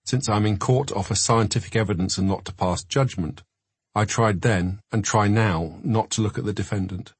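A man reads a memoir aloud in a measured, reflective way, his voice low and a little husky. The recording is dry and close, like a studio booth. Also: no echo. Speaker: narrator. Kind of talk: memoir audiobook narration.

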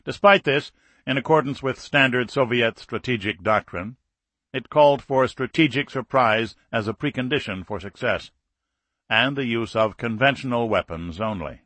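A man narrating an audiobook thriller in a measured, scripted reading. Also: mid-range voice, a bit bright, no echo.

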